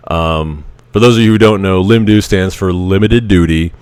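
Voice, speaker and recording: A man hosting a podcast, telling a personal story in a frank, animated way with the odd curse. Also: deep voice, moderate pace, clear, resonant tone, dry recording. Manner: frank, animated, occasionally profane. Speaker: podcast host. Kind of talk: casual storytelling monologue.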